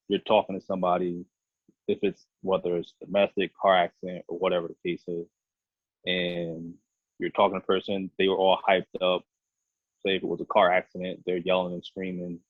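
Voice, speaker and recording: Low husky man on a tinny line. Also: dry recording. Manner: earnest, rambling explanations full of restarts. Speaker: police officer and podcast co-host. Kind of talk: casual podcast discussion. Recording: dry, tinny phone-like line.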